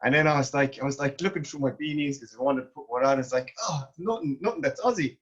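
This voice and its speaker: A man being interviewed, answering in short, relaxed bits and laughing easily. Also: mid-range voice, quick pace, dull audio. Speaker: interview guest.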